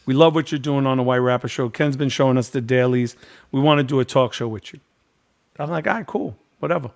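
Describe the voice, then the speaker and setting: Brisk and medium-pitched, this middle-aged podcast host tells a lengthy story in a relaxed, chatty way. He performs the voices of those he quotes with animation and leans heavily on repetition.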